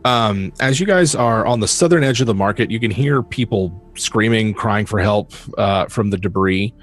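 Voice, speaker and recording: A man narrating as game master, describing scenes with many pauses and fillers. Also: lowish voice, soft background music.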